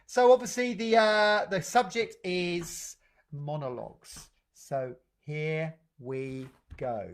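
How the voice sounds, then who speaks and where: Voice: medium pitch, takes it slowly. A drama group leader hosting an online session, full of upbeat praise and loose, improvised links. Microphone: video call.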